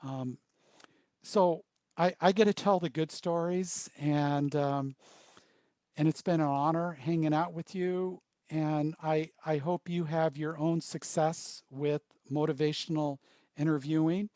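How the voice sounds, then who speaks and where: A man leading a workshop, telling stories in short, paused phrases. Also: a little high, darkish tone, dry recording. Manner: storytelling, pausing in short phrases. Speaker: workshop trainer. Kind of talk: workshop presentation.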